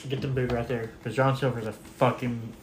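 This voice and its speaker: A man co-hosting a casual podcast, laid-back as he pitches ideas and chimes in with short agreement. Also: level tone, moderate pace, echoey room, noisy background. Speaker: podcast co-host.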